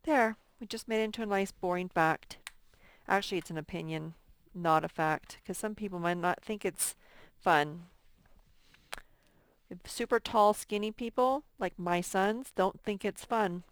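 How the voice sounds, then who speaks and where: Reading example sentences slowly in a sing-song manner, a middle-aged woman teaches a lesson to young children. Her voice is medium-pitched, with no room sound.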